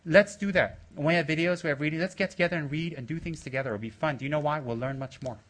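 Talking fast in a bright, forceful, fairly high voice, a male spiritual teacher gives his students a rambling, teasing address. He's full of jokes and playful rudeness, laughs frequently, gets loudly excited, and keeps nudging the group with questions.

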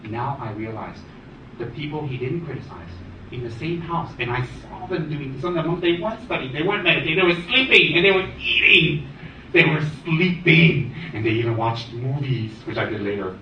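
A man giving a dharma talk as a Buddhist teacher, animated and teasing, rattling off long lists. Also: on the high side, moderate pace, slight background noise. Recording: echoey room, distant dull mic.

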